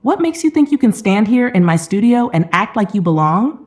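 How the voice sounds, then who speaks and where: A woman voicing a cold, mocking, controlling husband who speaks low and menacingly. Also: sing-song, normal speed, darkish tone, soft background music, close to an everyday voice.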